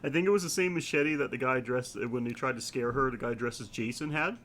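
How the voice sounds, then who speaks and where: A man co-hosting a podcast in casual chat, laid-back and halting, often laughing as he talks. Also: mid-range voice, a bit bright. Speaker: podcast co-host.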